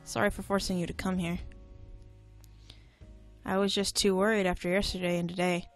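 A woman voicing a calm, protective young man in a dating game, speaking in soft, reassuring tones with a controlling edge. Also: lowish voice, moderate pace, soft background music, lightly acted. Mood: gentle.

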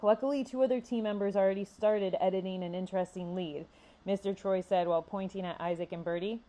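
A woman librarian reading a young adult novel aloud with measured, expressive storytelling. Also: on the low side. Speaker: youth services librarian.

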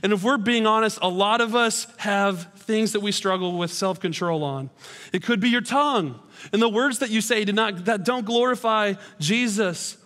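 A man's voice: high-pitched, normal speed, a bit bright. A man, a pastor in his thirties, giving a sermon in a church auditorium and telling stories with self-deprecating humor. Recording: long hall reverb.

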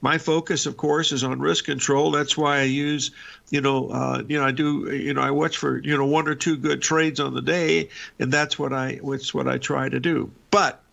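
A man's voice: medium pitch, flat delivery, moderate pace, gravelly, fairly bright tone, highs cut off. An older man hosting a live trading show, talking in a folksy, rambling way with many fillers and restarts. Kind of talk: live market commentary.

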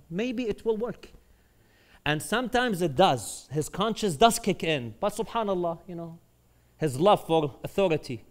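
Male imam, high-pitched, dramatic storyteller, big swings between loud peaks and hushed points. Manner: rises to loud, high-pitched bursts when telling stories, drops low and quiet for points. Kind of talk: sermon. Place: mosque.

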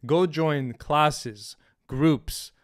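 A man's voice: on the high side, extremely slow. A man talking as a dating coach in a brash, emphatic and profane advice monologue.

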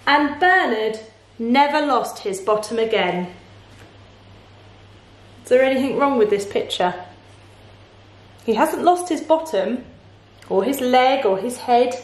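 A woman teacher reads a children's picture book aloud at an unhurried pace. Her voice rises and falls in a lively sing-song, and she stops to ask her young listeners questions. The room adds a clear echo. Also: high-pitched. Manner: slow, warm, playful, asks listeners questions. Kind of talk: children's storybook reading. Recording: echoey room.

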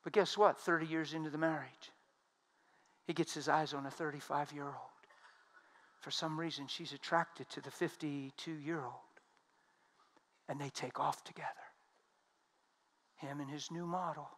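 A man preaching a sermon, telling stories emphatically and swinging between loud and hushed speech. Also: fairly high pitch, fairly even intonation, moderate pace, pauses often.

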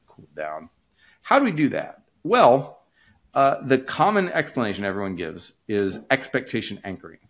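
A man with a lowish voice talks through economic ideas like a relaxed podcast host. He rambles, restarts his sentences and stacks up fillers, picking up speed when an idea grabs him. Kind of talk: casual conversational explaining.

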